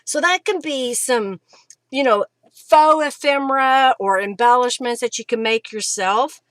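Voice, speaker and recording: A woman's voice: high voice, a little slow, a bit bright, no echo. A woman hosting a live crafting demonstration at home, chatting and thinking aloud with fillers as she works. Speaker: craft host.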